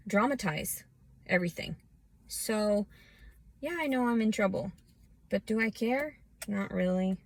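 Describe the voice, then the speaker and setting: A woman vlogging a scattered, profane rant that swings from low muttering into shouting. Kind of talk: ranting personal monologue.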